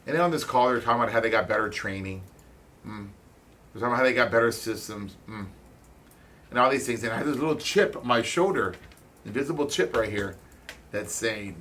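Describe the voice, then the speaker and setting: With plenty of swearing, a real estate investor offers candid, no-nonsense motivation, firing off quick bursts and stumbling into restarts. He sounds on the low side, with a fairly bright tone.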